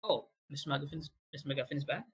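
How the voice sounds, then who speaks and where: A man's voice: fairly high pitch, a little fast, a bit bright, husky, heavily acted, poor audio. A man voicing an adult man who swings between childish cheer and angry confusion. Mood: cheery, childlike.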